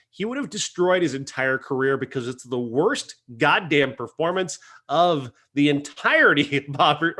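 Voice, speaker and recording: Co-host, emphatic ranter, higher voice. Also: male voice, pushed and bright. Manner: ranting, emphatic, laughs often. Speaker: podcast co-host, movie critic. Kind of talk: casual podcast chat.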